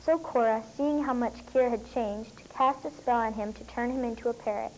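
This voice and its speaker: A young girl reading her own story aloud, with lifted pitch on the quoted lines. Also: moderate pace, a little mellow, slight background noise, low-quality recording.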